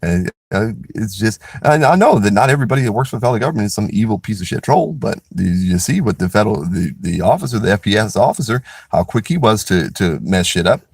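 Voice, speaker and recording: A man's voice: fairly low pitch, sing-song, fast, gravelly, hardly any pauses, breathy edge, no echo, clean studio sound. A man in a casual, rambling monologue, blunt and profane, with lots of restarts as he talks.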